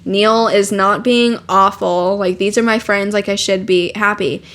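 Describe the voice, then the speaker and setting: A woman's voice: mid-range voice, unhurried. A young woman co-hosting a podcast, casually retelling a novel's plot with lots of fillers and swearing. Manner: animated retelling with profanity and "like" fillers. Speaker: podcast co-host. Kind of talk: casual book chat.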